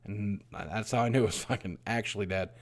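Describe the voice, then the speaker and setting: A middle-aged streamer with a lowish voice speaks briskly and in a steady tone as he shares a painful personal story on his livestream. He swears often, swinging from hushed muttering to loud outbursts.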